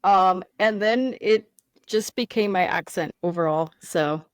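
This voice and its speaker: A woman from Texas, a guest on a casual podcast, telling stories in a relaxed, friendly way. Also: mid-range voice, measured pace, smooth, no room sound, studio quality.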